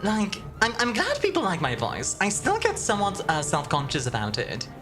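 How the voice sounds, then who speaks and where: A woman streamer from Belgium with a deeper voice, chatting casually and giggling with her viewers. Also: wildly swooping pitch, normal speed. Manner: giggly, warm toward chat, chatty. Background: background music.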